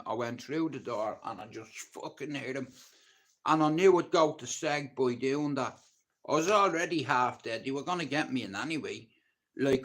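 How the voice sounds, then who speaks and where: A man with a Dublin Irish accent telling his own story on a livestream, blunt and intense, swearing often. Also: mid-range voice. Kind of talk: casual storytelling monologue.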